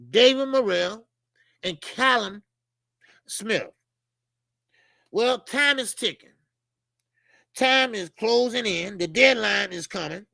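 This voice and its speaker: Gravelly, high-voiced, blunt male streamer. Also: pushed and bright, dry recording. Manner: blunt, profane, rambling, talks to viewers in chat. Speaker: boxing channel host. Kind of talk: casual live-stream commentary.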